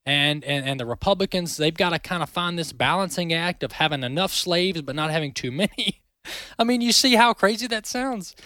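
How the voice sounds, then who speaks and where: A man's voice: a little high, lively intonation, moderate pace, pushed and bright, no echo. A male talk show host giving opinionated commentary in an emphatic, indignant manner.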